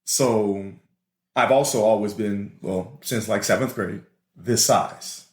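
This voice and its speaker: In a roomy-sounding recording, this podcast co-host speaks slowly with a fairly low voice and a New Orleans accent. He tells animated, laughing stories from his school days in a casual storytelling chat.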